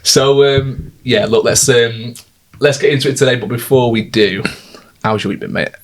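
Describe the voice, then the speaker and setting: A man's voice: medium pitch, steady tone, moderate pace, background noise. A young man, co-hosting a casual podcast chat with British slang and easy laughs. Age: young adult. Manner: chatty, laughs easily, uses British slang. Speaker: podcast co-host.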